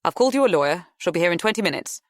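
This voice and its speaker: A woman voicing a calm, businesslike woman who gives firm advice. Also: lowish voice, racing, dry recording, clean studio sound, lightly acted.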